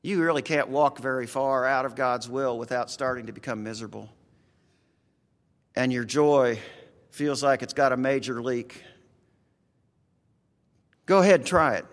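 A man's voice: mid-range voice, measured pace, pauses often, in a large hall. A man with a rural American accent preaching a conversational sermon, earnest and folksy, talking straight to his congregation.

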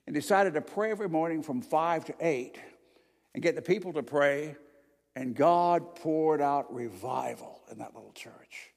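Older man preaching with high, booming reverb. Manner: dramatic storytelling, swinging from loud exclamations to hushed prayer. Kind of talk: evening sermon with personal testimony. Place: church sanctuary before a congregation. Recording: long reverb of a large hall.

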